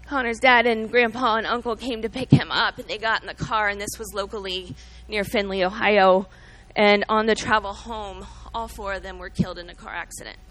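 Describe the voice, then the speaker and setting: A woman's voice: mid-range voice, fairly even intonation, fairly quick, hardly any pauses, fairly bright tone, poor audio. A middle-aged woman giving an earnest, emotional sermon-style talk, telling a story and teaching from the Bible, calling out to listeners by name. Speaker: speaker at a church gathering.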